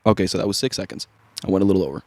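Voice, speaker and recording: A man with a fairly low voice talks through a vocal lesson in a relaxed, casual way. The sound is dry and close, with no room echo. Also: racing. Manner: casual, easygoing instruction. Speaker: vocal coach. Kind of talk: singing tutorial.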